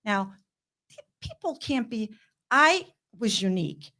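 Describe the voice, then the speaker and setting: A middle-aged woman, a guest, telling her story in an impassioned, blunt way with quick asides. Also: mid-range voice, big pitch swings, sharp tone. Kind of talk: emotional interview storytelling.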